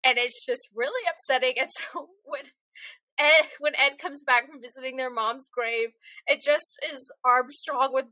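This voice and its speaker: A woman co-hosting a podcast in casual chat, bubbly and quick to laugh, acting out quotes as she goes. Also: sits high, pushed and bright, no echo. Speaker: podcast co-host.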